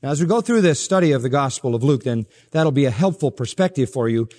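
A man preaching a sermon as pastor, emphatic, with sharp rises in pitch and soft drops at the ends of phrases. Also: lively intonation, fast talker, big-room sound.

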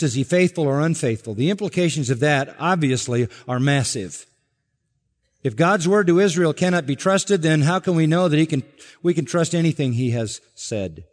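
Pastor guy preaching hard, lots of rhetorical questions, slightly high voice, big echoey church. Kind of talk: sermon. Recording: long reverb from a large hall.

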